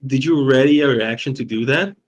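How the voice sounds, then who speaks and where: A man's voice: mid-range voice, fairly quick, dull audio. A man playing a tabletop game over an online call, joking and swearing casually as he plans his spells. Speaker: player.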